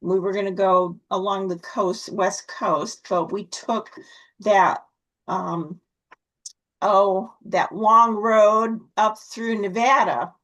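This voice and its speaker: Slow-talking woman telling a story. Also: poor audio. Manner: storytelling, acts out her own high excited voice in quotes. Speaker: guest telling a personal story. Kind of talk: casual video-call chat. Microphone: video call.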